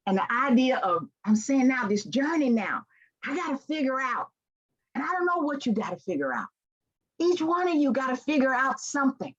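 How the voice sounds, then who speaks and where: An older woman from Memphis, Tennessee gives an audience a heartfelt, folksy motivational keynote in her Southern American accent. Her high voice swings widely in pitch at a moderate pace, and the audio is dull and lo-fi.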